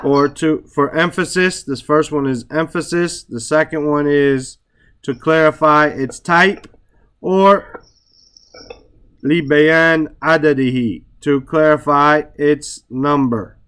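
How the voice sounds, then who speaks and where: Slow-talking man teaching grammar. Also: a little high, fairly bright tone, clean tone. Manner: stresses words for emphasis, often adds "right?". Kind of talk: relaxed classroom explanation.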